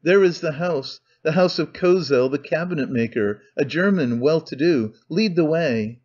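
A man's voice: fairly high pitch, lively intonation, normal speed, a little mellow. A man voicing a drunken middle-aged clerk who pleads and preaches in fervent, despairing confession, on a dull lo-fi audiobook recording. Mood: agitated muttering.

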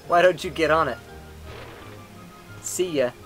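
A man's voice: fairly high pitch, animated, takes it slowly, soft background music. A young man chatting casually while gaming, rambling and joking with his brothers. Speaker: let's play gamer.

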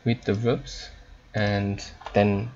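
A man teaching German in an online lesson, explaining in halting English with frequent ums and repeated words. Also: fairly low pitch, flat delivery, a little mellow, lo-fi sound.

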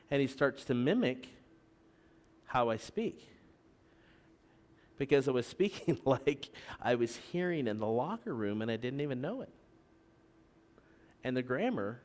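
Joking pastor in a reverberant church. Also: male voice, medium pitch. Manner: joking asides with the congregation. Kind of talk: sermon. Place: church sanctuary.

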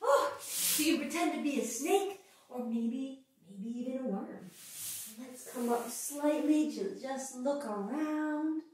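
A woman in her thirties teaches a children's yoga class in a very echoey room, her high voice moving slowly with a faint hiss or hum behind it. She is playful and animated, singing and making animal noises, and she sounds far from the mic.

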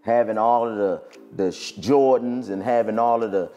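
A man's voice: lowish voice, moderate pace, dark tone, highs cut off, faint music behind. A man co-hosting a comedy podcast, talking in loose slang-heavy banter with preachy asides to young listeners. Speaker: podcast co-host. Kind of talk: casual comedic chat.

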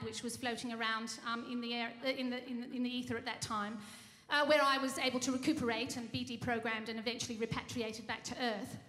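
Cabaret chanteuse, female. Mock-earnest patter full of ums, high and bright, recorded live in a roomy echoing venue. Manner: rambling, full of ums and restarts; mock-earnest tall tale. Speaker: cabaret singer and bandleader. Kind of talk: comic stage monologue. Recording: reverberant live room.

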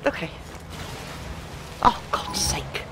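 A woman giving gameplay commentary, muttering to herself and swearing, excitable. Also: extremely slow, background noise. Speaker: let's play gamer.

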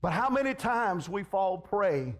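A man's voice: high voice, big pitch swings, measured pace. A man preaching a fervent sermon, peppering his lines with amens and repeated call-outs to the congregation. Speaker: pastor.

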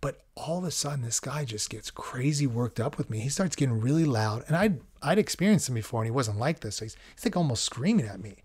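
A man, hosting a podcast in a calm, conversational, reflective monologue. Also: medium pitch, brisk, hardly any pauses, slightly rough. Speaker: podcast host.

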